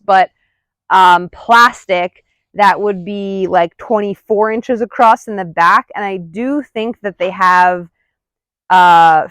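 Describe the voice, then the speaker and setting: A woman dog trainer narrating a training session, murmuring quiet asides and counts, then calling out loud, high-pitched praise to her dog. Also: dry recording. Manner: counts softly under her breath. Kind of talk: live commentary during a dog training session.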